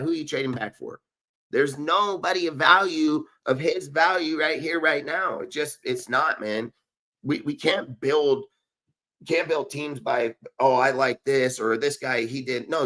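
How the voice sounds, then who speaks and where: A man's voice: a little high, pushed and bright. Fired-up profane man in a sports rant. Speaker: podcast host. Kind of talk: heated sports talk rant.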